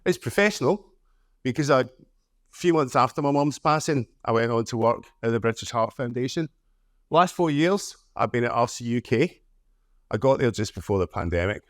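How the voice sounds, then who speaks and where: A man's voice: medium pitch, lively intonation, moderate pace, no room sound, clean studio sound. A middle-aged man with a Scottish accent giving a conference talk. He tells stories in a chatty, humorous way and often tags his lines with "okay?". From Scotland. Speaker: conference speaker.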